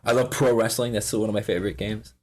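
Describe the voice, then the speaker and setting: A man's voice: fairly low pitch, fairly even intonation, fast talker. A man in his forties, a podcast guest, chatting casually and rambling with lots of fillers and restarts. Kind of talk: casual interview chat.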